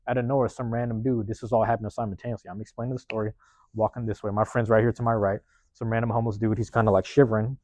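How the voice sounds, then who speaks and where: A man hosting a podcast, telling a personal story in a rapid, profane, casual way and acting out the lines of the people in it. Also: on the low side, dry recording. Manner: profane, rapid, animated retelling with acted-out quotes. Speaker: podcast host.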